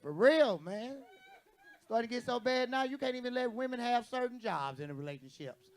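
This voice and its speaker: Onstage at a comedy club with a live crowd, a brash male comic speaks into a handheld mic in a high, gravelly voice. He's animated and a little fast, cursing freely while playing the characters from his stories.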